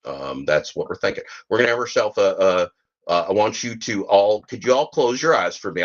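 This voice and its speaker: A man's voice: on the low side, animated, moderate pace, dull audio. A middle-aged man hosting a podcast, rambling and joking in folksy grammar. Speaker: podcast host. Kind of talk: rambling comic monologue.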